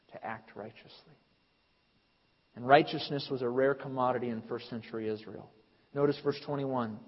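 A man preaching an expository sermon, swelling to emphatic peaks when he reads scripture and dropping low for asides. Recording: dull sound in a reverberant hall.

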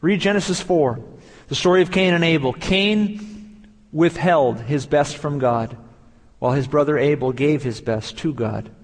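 A man's voice: fairly high pitch, a little slow. Preaching man in a reverberant hall. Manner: preaching with rising emphasis and repeated phrases. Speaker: pastor. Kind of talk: sermon.

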